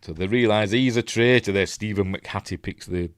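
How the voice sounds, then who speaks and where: Yorkshire man, deep low voice, casual commentary, rambling, ums and restarts, dry close sound. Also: normal speed, clear, resonant tone, no room sound. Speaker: host.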